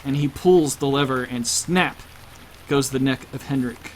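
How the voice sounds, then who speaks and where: A man's voice: mid-range voice, unhurried, slight background noise. A man narrating a tabletop role-playing game as game master.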